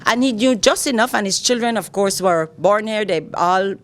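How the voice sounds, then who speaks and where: A woman's voice: medium pitch, moderate pace, a crowd in the background. A woman with a Belizean Kriol accent, a guest educator explaining in a casual interview, teacherly and often checking that the listener follows. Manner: teacherly, checks understanding with "all right?".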